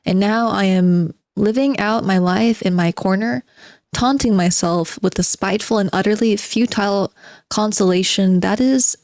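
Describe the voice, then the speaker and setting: A woman's voice: mid-range voice, normal speed, dry recording, clean studio sound, natural voice. A woman reading aloud as a spiteful, bitter forty-year-old male recluse who sardonically lectures his listeners. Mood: sardonic. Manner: sardonic, self-mocking monologue addressed to "gentlemen".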